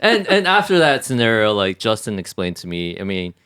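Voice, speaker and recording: Friendly, halting male podcast guest. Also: lowish voice, sing-song, a bit bright, smooth. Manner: hesitant, friendly, repeats words. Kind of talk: casual chat. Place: podcast studio.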